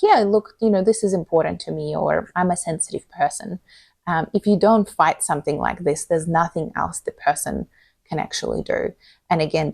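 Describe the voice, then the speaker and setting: A woman with a lowish, gravelly voice gives communication advice straight to camera. She sounds earnest and reassuring as she lays out examples one by one. The sound is dry and close, with no room echo. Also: a little mellow. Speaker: communication coach.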